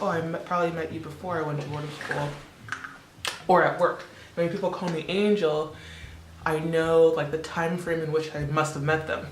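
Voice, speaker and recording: A woman's voice: on the low side, a little hiss or hum. Chatty young woman in an echoey room. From born in the Democratic Republic of Congo, raised in Canada. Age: 20s. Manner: chatty, laughs often, heavy use of "like". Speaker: beauty vlogger. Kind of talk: casual chat while doing makeup.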